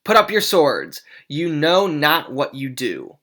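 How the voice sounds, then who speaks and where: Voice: mid-range voice, huge pitch swings, slow pace, a bit bright, exaggerated voice. A teacher reading a carefree young peacekeeper's lines aloud, raised and urgent. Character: carefree young man trying to keep the peace.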